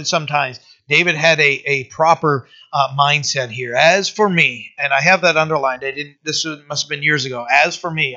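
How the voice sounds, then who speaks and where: A man preaching as a pastor in a casual verse-by-verse sermon, talking conversationally with many fillers and reading scripture slowly. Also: fairly high pitch, pushed and bright. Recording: dull lo-fi sound.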